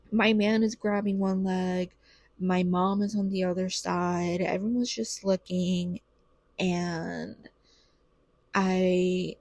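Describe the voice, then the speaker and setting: A woman's voice: mid-range voice, darkish tone, no room sound. A young woman telling her birth story casually and candidly, swearing freely and saying "like" a lot.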